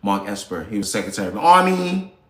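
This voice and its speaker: A man's voice: fairly low pitch, very animated, fast talker, fairly bright tone, echoey room. A man hosting a live show, ranting about politics in a heated, slangy, profane way. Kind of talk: casual political rant.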